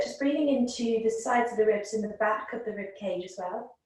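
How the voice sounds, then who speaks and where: A woman teaching a yoga class, guiding the breath in a calm, gentle, unhurried way. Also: fairly high pitch. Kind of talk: guided yoga and breathing instruction. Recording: very echoey room, voice from a distance.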